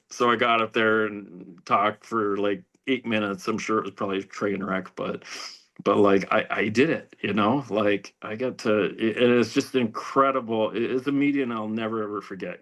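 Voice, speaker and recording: A middle-aged man telling his recovery story in a rambling, halting way, full of restarts and fillers, dropping to a near whisper at painful moments. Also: medium pitch, a bit bright. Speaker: speaker sharing recovery story. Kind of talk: personal testimony at a recovery meeting.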